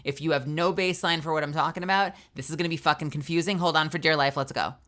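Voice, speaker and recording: A woman in her thirties, a streamer chatting casually with viewers, outspoken and swearing freely, with lots of "like" fillers and an animated delivery. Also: deep voice. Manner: animated, swings between quick bursts and drawn-out phrases. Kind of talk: casual live-stream chat, answering viewers.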